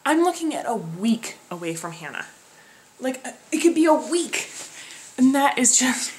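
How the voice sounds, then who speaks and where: A woman's voice: on the high side, expressive, normal speed, a little hiss or hum. A young woman casually vlogging, chatty and frustrated, laughing often. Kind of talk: casual pregnancy vlog.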